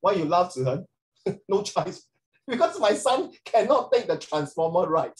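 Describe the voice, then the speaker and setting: A man's voice: high-pitched, sing-song, unhurried, low-quality recording. A middle-aged Singaporean man giving a chatty classroom lecture as a social studies teacher, with frequent rhetorical tag questions.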